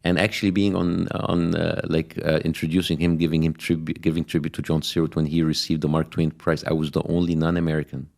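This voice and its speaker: A middle-aged man speaks in a low, deep register. He talks as an interview guest, emphatic and direct. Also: little pitch movement, quick pace, creaky, hardly any pauses. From Egypt. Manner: emphatic, forceful in argument. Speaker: comedian guest. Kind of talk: interview and debate.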